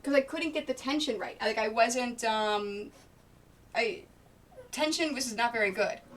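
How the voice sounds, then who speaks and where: Woman streamer, chatty, greets viewers while she sews; bright, fairly high voice, distant mic. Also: measured pace. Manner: chatty, thinks aloud, greets viewers by name. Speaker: live-stream quilter and pattern designer. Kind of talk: casual live-stream chat while sewing. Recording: distant mic with faint noise.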